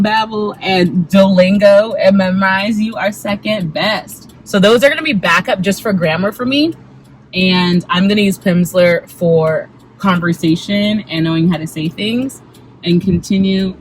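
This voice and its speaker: A woman's voice: mid-range voice, unhurried, poor audio. A young adult woman in casual, upbeat vlog chat, talking while she drives and sometimes trailing off into mutters. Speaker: vlogger. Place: in a car while driving. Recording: car noise in the background.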